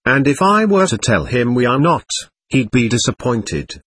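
A man's voice: mid-range voice, very animated, moderate pace, a bit bright, breathy edge. A man voicing a bold, cocky teenage schoolboy who talks in a lofty, mocking way. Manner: lofty, mocking and self-assured.

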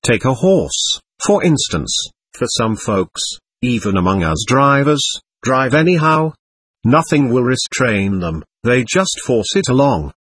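A man voicing a simple, pious peasant coachman who speaks slowly and deferentially. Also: medium pitch, very animated, husky, dry recording, full character voice. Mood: earnest. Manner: slow, deferential, gentle. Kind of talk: audiobook character voice.

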